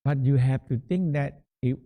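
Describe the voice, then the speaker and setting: A man guiding a meditation practice in a halting, repetitive teaching manner, often restating words as he explains. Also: medium pitch, dark tone. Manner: halting, repeats words, slow explanatory phrasing. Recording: tinny phone-like sound.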